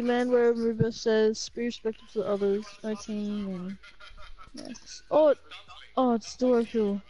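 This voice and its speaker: A young man playing along in a game, answering briefly and quietly in casual chat. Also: sits high, fairly even intonation, measured pace, rough recording. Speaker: co-player.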